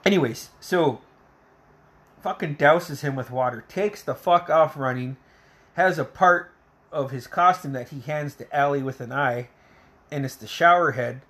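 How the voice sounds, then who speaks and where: A man's voice: a little high, a little slow, a bit bright. A man casually retelling a film scene by scene, swearing constantly and acting out the characters' lines. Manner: rambling, heavy swearing, acts out quotes. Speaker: movie reviewer. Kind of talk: casual profane movie recap.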